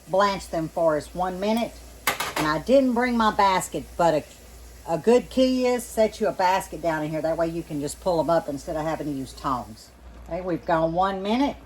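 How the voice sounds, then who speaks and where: A woman's voice: on the low side, darkish tone, a little hiss or hum. Chatty woman teaching canning. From Louisiana. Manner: chatty, folksy, checks in with "okay?". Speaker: home canning cook, channel host. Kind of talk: casual kitchen demonstration. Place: home kitchen.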